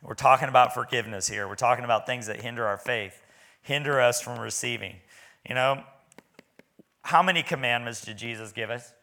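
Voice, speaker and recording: A man's voice: medium pitch, a little fast, gravelly, pushed and bright. A man preaching a sermon in a church, talking in a folksy, conversational way with stammering restarts.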